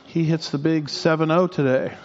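A man's voice: a little high, fairly even intonation, moderate pace, very noisy. A man preaching a verse-by-verse sermon as pastor, folksy and joking with his congregation, sometimes stumbling over a word. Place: church sanctuary. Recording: dull sound with long hall reverb.

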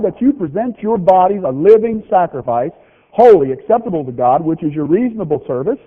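A man preaching a folksy, joking sermon, with lively swings in pitch. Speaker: pastor. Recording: tinny phone-like radio broadcast of a hall.

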